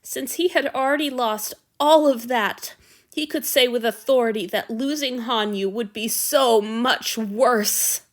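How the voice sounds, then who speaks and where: A woman's voice: fairly high pitch, unhurried. Woman narrating fan fiction.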